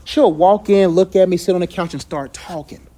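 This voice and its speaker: A man with a high-pitched voice leads a relaxed faith talk with a group. He tells stories in a lively, loose way, often saying "like". He acts out little voices in quotes and laughs freely. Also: moderate pace. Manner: loose conversational phrasing with many "like"s.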